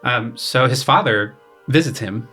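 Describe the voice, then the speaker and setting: This young adult man has a husky mid-range voice and talks a little slowly over faint background music. A graduate composer, he chats easily about his opera for a podcast, peppering it with fillers and paraphrased quotes.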